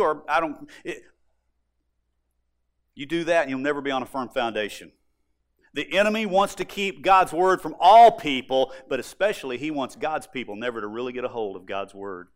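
A male pastor preaching a sermon, emphatic and expressive, building points by repetition. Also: medium pitch, moderate pace.

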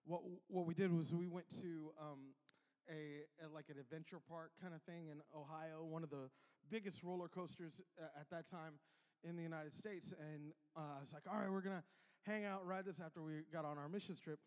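A young adult male pastor preaching a sermon in a casual, animated way, with many restarts and fillers. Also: a little high, moderate pace, long reverb tail. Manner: animated, many restarts and filler words, acts out scenes loudly. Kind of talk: sermon with a storytelling anecdote.

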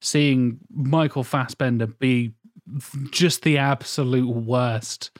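A man's voice: medium pitch, fairly even intonation, slow, dry recording. Podcast host, man in his thirties from England, rambling sweary film talk, dry mic. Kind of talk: casual film chat.

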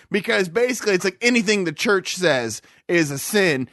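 A man's voice: high-pitched, animated, brisk, few pauses, a bit bright, no room sound, clean studio sound. A man co-hosting a podcast in casual comedic chat, crude and joking, acting out little voices as he talks. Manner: crude, joking, acts out voices mid-story. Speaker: podcast co-host.

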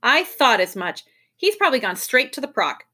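A woman reading aloud and voicing a kindly old male professor who speaks in a measured, reassuring way. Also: high-pitched, very animated, bright, forceful tone, exaggerated voice.

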